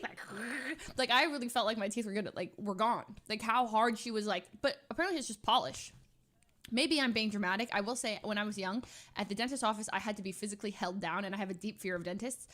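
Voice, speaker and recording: A young adult woman streamer rambling through a casual story, animated and full of filler words. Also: a little high.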